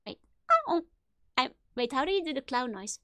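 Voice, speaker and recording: A woman VTuber giving casual let's-play commentary, chatty and quick to laugh. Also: high-pitched, animated, sharp tone, no room sound, studio quality. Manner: giggly and chatty, with frequent laughs. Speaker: VTuber streamer.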